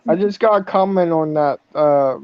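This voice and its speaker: Man, slightly high voice, co-host, hesitant and eager, dull dry lo-fi sound. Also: moderate pace, a little hiss or hum. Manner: hesitant, restarting, enthusiastic. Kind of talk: casual chat.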